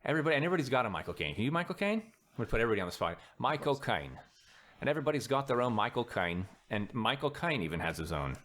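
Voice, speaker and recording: A man hosting a podcast, chatty and lively, asking his guests questions. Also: mid-range voice, very fast, hardly any pauses. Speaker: podcast host. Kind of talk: casual podcast chat.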